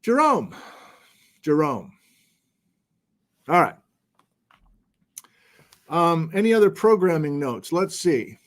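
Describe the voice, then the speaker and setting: An American man hosting a geology livestream, casually reading out where viewers are watching from in a relaxed, chatty way. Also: a little high, takes it slowly, long pauses. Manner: relaxed, chatty, reads viewer locations aloud. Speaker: geology lecture host.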